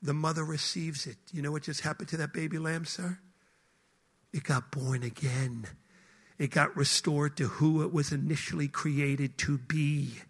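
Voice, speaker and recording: A man preaching a passionate sermon to a room full of people, swinging between shouted declarations and hushed, intimate lines. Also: fairly high pitch. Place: hall with a live audience.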